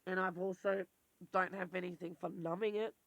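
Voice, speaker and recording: A woman's voice: fairly low pitch, steady tone, normal speed, no room sound. A woman talking in a raw, emotional confessional vlog and swearing freely. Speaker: vlogger.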